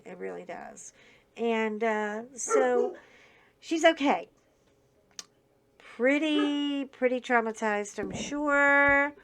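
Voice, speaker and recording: A middle-aged woman hosts a relaxed chat as she colors, her voice carrying a gravelly fry. She talks at an unhurried pace, chatty and animated, and bursts into emphatic asides when a story gets to her. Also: medium pitch. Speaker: host. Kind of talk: casual chat while coloring.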